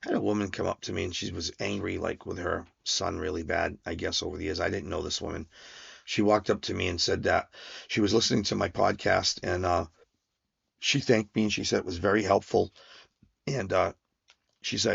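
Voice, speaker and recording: A man's voice: sits low, steady tone, brisk, gravelly, a bit bright, breathy edge, no echo. A man hosting a podcast, talking through a personal reflection in a rambling way with many restarts and fillers. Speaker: podcast host. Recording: dull lo-fi sound.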